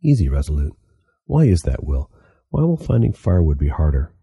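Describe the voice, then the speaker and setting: A man voicing a patient, wry older guide in an audiobook, calm and reasoning. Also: a bass voice, a little fast, vocal fry, slightly rough, no room sound, highs cut off, exaggerated voice. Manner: calm, reasoning and gently teasing. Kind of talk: audiobook character reading.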